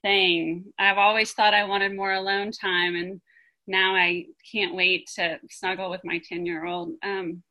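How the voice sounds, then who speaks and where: Woman, group member sharing; slow, hesitant delivery, bright tone. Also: medium pitch, little pitch movement, rough recording. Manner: halting, searching for words. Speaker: practice community member sharing. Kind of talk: personal sharing in group discussion.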